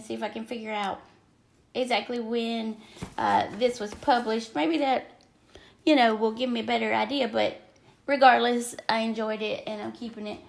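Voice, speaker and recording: Rambling along on her craft livestream, an older woman with a Southern American accent greets her viewers by name in casual chat from her craft desk at home. Her voice sits on the high side and has vocal fry.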